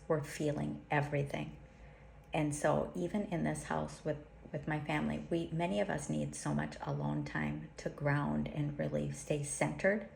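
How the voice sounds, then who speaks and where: Low, gravelly woman reciting soft prayers. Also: slight background noise. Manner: slow, soft, devotional. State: emotional. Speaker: spiritual channel host. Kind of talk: spoken prayer and invocation.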